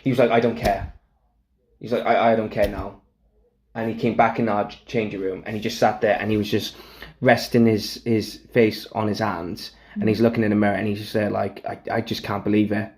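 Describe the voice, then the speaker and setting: A man's voice: on the low side, level tone, a little fast, a little mellow. A man co-hosting a podcast, telling a backstage story in casual chat, acting out the quotes and laughing often. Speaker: podcast co-host.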